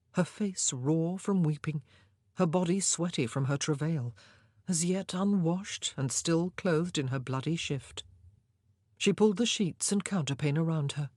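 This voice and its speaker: A woman narrating a historical novel in a measured, expressive storytelling voice. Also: low-pitched, no room sound, clean studio sound. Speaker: audiobook narrator.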